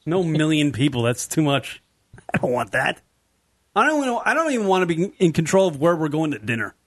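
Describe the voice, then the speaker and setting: A man's voice: a little high, big pitch swings, a little fast, a bit bright, slight background noise. A man hosting a casual radio show, joking around and talking loosely with his co-hosts. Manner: jokey, puts on silly voices. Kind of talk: casual talk radio banter.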